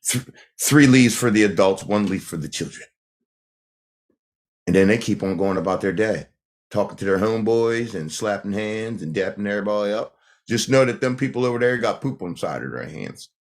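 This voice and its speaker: A brash man ranting casually on a livestream. His pitch swings widely as he talks. He uses lots of slang and breaks into laughs often. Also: lively intonation, fairly quick. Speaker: livestream host.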